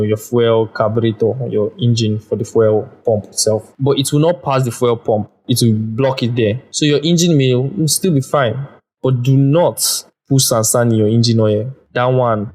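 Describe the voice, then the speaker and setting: A man talking casually on his own podcast, a rambling storyteller who drifts between explanation and anecdote. His voice sits at an ordinary pitch for a man, relaxed and conversational. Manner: rambling storyteller, chatty with fillers. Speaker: podcast host. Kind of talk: casual solo podcast monologue.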